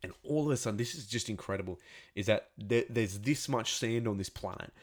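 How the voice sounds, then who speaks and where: A man's voice: fairly low pitch, brisk. A man recapping a show in a casual, rambling way, restarting sentences and making sound effects.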